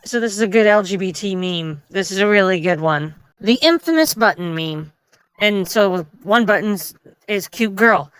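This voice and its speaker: A woman's voice: medium pitch, expressive, moderate pace, clear, resonant tone, dry recording, rough recording. A woman hosting a casual meme reaction video, chatty and opinionated, reading the memes aloud.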